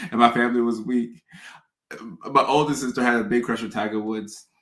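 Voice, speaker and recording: Man, from the American South, middle pitch, casual storytelling chat, restarts and repeats, roomy echo. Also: fairly even intonation, normal speed, a bit bright. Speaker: host. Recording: echoey room.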